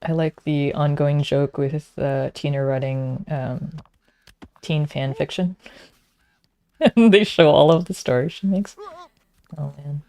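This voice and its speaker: A woman's voice: deep voice, slow pace, long pauses, warm tone. A woman, talking to herself while streaming a frustrating game, muttering and sometimes whispering. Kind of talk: casual gameplay commentary.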